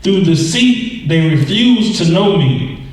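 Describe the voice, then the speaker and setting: A man reading scripture and commentary aloud in a slow, deliberate way. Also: high-pitched, animated. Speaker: scripture reader. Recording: echoey room from far off.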